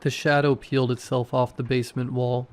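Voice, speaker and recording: A man's voice: mid-range voice, little pitch movement, brisk, smooth. A man narrating a first-person horror story in short, tense sentences.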